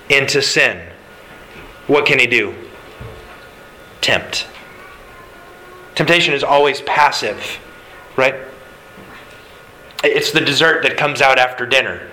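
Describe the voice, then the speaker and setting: A man's voice: mid-range voice, slow pace, long pauses, pushed and bright, poor audio. A man preaching a sermon in a conversational way, with fillers and asides. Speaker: pastor.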